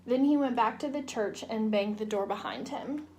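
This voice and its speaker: A young woman, a student, narrating a children's storybook read-aloud in a gentle, clear way. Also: on the high side, moderate pace, a little hiss or hum. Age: young adult. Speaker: student reader.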